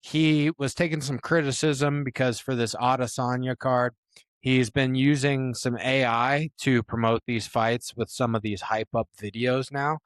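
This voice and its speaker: A young man co-hosts a casual sports podcast and tells stories with energy, laughing and cursing as he goes. His voice sits at a middle pitch and sounds close and dry, with no room echo. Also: unhurried. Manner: animated storytelling with swearing and laughter. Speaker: podcast co-host.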